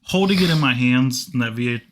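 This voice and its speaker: A man's voice: medium pitch, animated, a little fast, a bit bright, slight background noise. A young man co-hosting a podcast, making short, dry, teasing remarks in casual chat. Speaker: podcast co-host.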